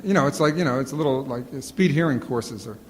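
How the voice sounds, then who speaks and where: A man telling comic stories to an audience in animated bursts, with a sore throat and a lozenge in his mouth. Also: medium pitch, fast, long reverb tail, a little hiss or hum. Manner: animated storytelling, acts out quotes. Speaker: comedian answering audience questions. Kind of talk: casual Q&A talk. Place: auditorium before a live audience.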